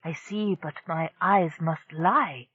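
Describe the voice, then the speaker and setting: The narrator voicing a timid, gentle alien mother in an audiobook. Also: mid-range voice, takes it slowly, breathy edge, dry recording, dull audio. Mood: awed. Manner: timid, wondering. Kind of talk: audiobook character voice.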